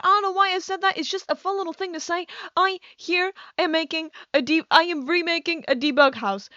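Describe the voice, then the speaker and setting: A woman's voice: high-pitched, brisk, hardly any pauses, fairly bright tone, no room sound, dull audio. A young woman rambling through casual gameplay commentary, scatterbrained and self-mocking, with a headache. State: has a headache. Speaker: gaming YouTuber.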